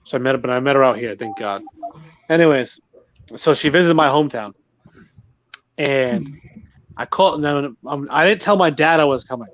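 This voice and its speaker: A man telling a rambling story to friends in casual chat, relaxed and swearing freely. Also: medium pitch, moderate pace, pauses often. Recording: dull lo-fi, dry sound.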